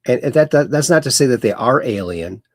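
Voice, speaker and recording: A man's voice: medium pitch, expressive, fairly quick, no room sound, studio quality. A man hosting a casual livestream, rambling and reading viewer comments aloud. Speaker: host.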